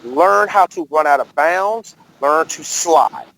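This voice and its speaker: A man's voice: fairly high pitch, animated, slow pace, creaky, a bit bright, rough recording. A man from Washington, D.C., hosting a casual sports podcast, joking and laughing often with a loose, profane delivery. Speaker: podcast host.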